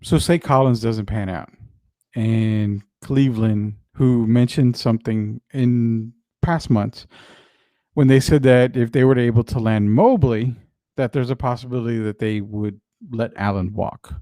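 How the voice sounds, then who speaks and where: A man hosting a casual sports talk show, chatting in a loose, drawn-out, questioning way. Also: mid-range voice, fairly even intonation, dark tone, dry recording, studio quality. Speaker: sports podcast host.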